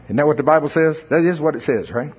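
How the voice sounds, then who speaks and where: A man preaching, telling his own testimony in a humorous, animated storytelling way. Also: a little high, fast, breathy edge, dull audio. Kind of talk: sermon testimony.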